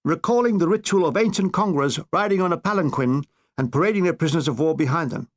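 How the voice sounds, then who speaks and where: In this audiobook narration, an author reads his own war memoir at a quick pace, his voice fairly high for a man. His storytelling is dry and wry, delivering grim and comic moments in the same even, matter-of-fact tone.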